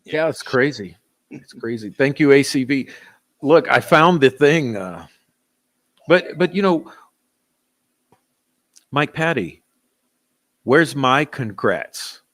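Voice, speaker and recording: A man's voice: medium pitch, lively intonation, slow pace, long pauses, a bit bright, dry recording. Conversational male host, dry sound. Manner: conversational, talks to his chat. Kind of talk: casual chat.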